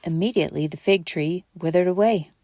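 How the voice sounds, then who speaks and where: A woman hosting a podcast, reading scripture aloud at a measured pace and lifting her voice for quoted speech. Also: fairly low pitch, a little mellow, dry recording, studio quality.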